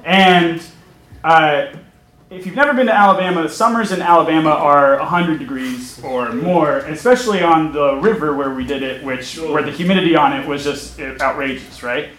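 A man's voice: fairly high pitch, moderate pace, a bit bright. A young man telling a personal story onstage before an audience, chatty and self-mocking, laughing as he talks. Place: stage before a live audience. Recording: echoey room.

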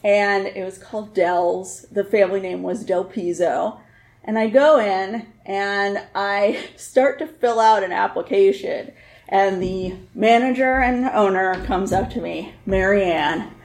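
A woman's voice: mid-range voice, unhurried, a little mellow, echoey room. A woman telling a personal story on stage with a wry, candid, laughing manner.

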